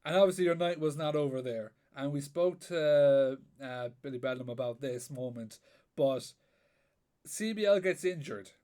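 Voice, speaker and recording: A man hosting a podcast, asking questions in a relaxed, conversational way. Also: on the high side, normal speed. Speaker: podcast host. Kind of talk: casual interview questions.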